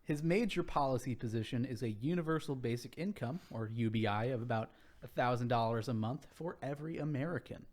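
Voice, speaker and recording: A young man hosts a casual podcast, working through a rundown of candidates. He reads it out in a sarcastic tone and drops profane asides as he goes. His voice sits at an ordinary, middle pitch. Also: fairly quick, darkish tone. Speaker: podcast host. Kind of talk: casual chat.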